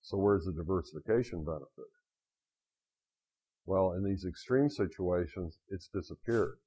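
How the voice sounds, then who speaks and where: A middle-aged man lecturing on finance to a class, telling lively anecdotes and acting out quotes, in a dull lo-fi recording. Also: low voice, moderate pace, slightly rough. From United States.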